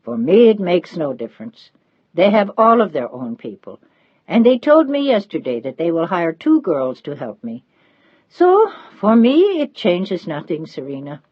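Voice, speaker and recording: A woman's voice: lowish voice, big pitch swings, measured pace, no room sound, highs cut off. A woman reading the part of an elderly Italian housekeeper, devoted and motherly, in a pleading, insistent manner.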